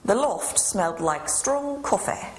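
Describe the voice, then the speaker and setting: A woman leads an accent lesson, speaking very slowly and repeating each word and sentence with care. The recording sounds roomy, as if it was made in an open room. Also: mid-range voice, lively intonation. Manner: slow, deliberate, repeats each word twice. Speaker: dialogue coach.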